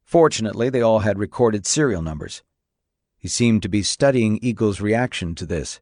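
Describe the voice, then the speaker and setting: This male audiobook narrator delivers scripted narration of a novel, keeping his storytelling steady and even. The pitch is lowish, the pace moderate, and the sound is clean studio audio without echo.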